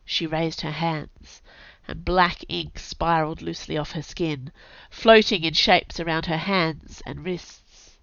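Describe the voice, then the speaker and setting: A woman with a cold, an author reading her own story aloud with clear storytelling and chatty asides. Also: sits low, steady tone, slow pace, fairly bright tone, dry recording. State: has a cold. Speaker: author and podcast narrator. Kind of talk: audiobook narration. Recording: dull, dry home recording.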